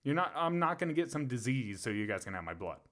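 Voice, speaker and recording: Animated, profane male storyteller. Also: mid-range voice, fast talker. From Pennsylvania. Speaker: podcast co-host. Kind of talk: casual storytelling.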